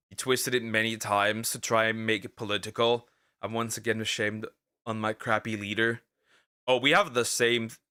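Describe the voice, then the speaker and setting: This vtuber streamer sits on the low side, his voice bright, clear and resonant with a forceful edge. He's outspoken and ranting, reacting casually in halting, rambling speech full of fillers and false starts.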